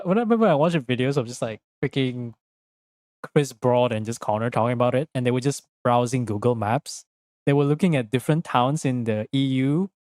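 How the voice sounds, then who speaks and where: A man's voice: medium pitch, darkish tone, no room sound, clean studio sound. A young man streaming a game from his room, chatting casually and rambling through jokes, swearing freely and laughing often. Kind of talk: casual live-stream chat while gaming.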